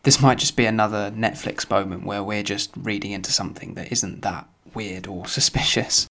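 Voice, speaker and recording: A man co-hosting a podcast in casual chat, wry and rambling, with a husky voice and a recording that turns muffled at times. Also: lowish voice, fairly even intonation, moderate pace, pushed and bright. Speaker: podcast co-host. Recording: muffled at times from tech problems.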